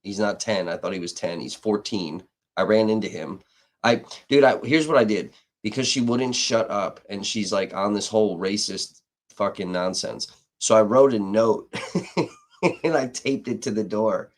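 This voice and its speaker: Deep-voiced man ranting on a live stream. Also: normal speed. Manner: heated, profane, with frequent restarts. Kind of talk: casual rambling storytelling.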